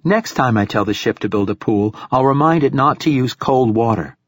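A man putting on a spirited young girl in a storybook reading, her voice lifted well above his own and a little husky. Through chattering teeth she stammers her words. The recording is close and dry. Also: mid-range voice, moderate pace, dry recording, voice pushed up, close to an everyday voice. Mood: lively.

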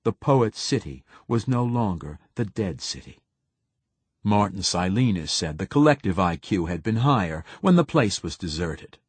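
A man reading a novel aloud as an audiobook narrator, in a measured, even storytelling manner. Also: low-pitched, slightly rough, no room sound. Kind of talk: scripted narration.

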